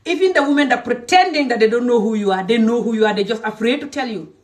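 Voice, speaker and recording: A woman from Gambia giving an angry, emphatic rant to her followers, swinging between loud outbursts and low muttering. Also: fast talker, far from the mic. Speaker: social media creator. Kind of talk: angry direct-to-camera rant.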